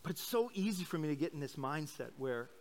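A man's voice: a little high, expressive, fairly quick. A middle-aged man from Iowa giving a conversational sermon as a pastor, telling stories candidly with lots of fillers and restarts. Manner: chatty storytelling with many likes and restarts; candid, self-deprecating. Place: church service.

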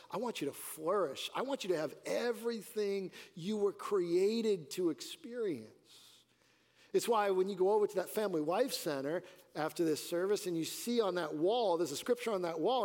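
Male pastor, mid-high voice, earnest sermon delivery with swelling and hushed emphasis, reverberant sanctuary. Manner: earnest preaching, rising and dropping emphasis. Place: church sanctuary. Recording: church hall reverb.

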